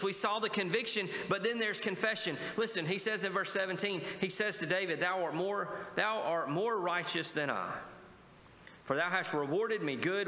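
Bright-voiced pastor preaching in echoey hall. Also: male voice, high-pitched. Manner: preaching with call-and-response asides. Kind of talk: sermon. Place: church sanctuary. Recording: echoey church hall with faint ambience.

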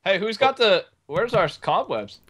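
High-voiced gamer man giving orders. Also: very animated, unhurried, over a noisy crowd. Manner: practical, hands out gear and orders. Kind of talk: multiplayer gaming chatter.

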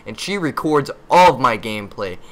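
A man's voice: mid-range voice, big pitch swings, normal speed. A man giving casual gameplay commentary, muttering to himself, yelping and cursing when frustrated, with crude jokes. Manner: muttering, easily frustrated, yelps and curses at the game; crude joking.

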